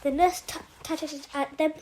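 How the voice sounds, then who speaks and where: Amateur woman reader, high-pitched, stop-start delivery with many self-corrections. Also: fairly even intonation, a little mellow, a little hiss or hum. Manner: halting, with frequent restarts and self-corrections. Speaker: audiobook reader. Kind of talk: amateur novel reading.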